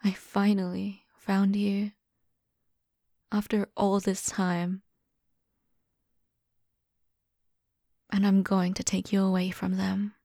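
In a whispered role-play, a young woman plays an obsessive and devoted young lover. She speaks softly and intimately in a slow, mellow half-whisper. The recording is close and dry. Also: mid-range voice, monotone, vocal fry, dry recording. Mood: tender.

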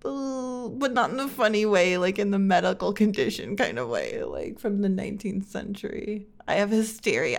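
A young woman chatting casually and rambling on her own, sounding tired and sleepy, with heavy vocal fry and many fillers. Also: medium pitch, darkish tone. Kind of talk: casual solo chat.

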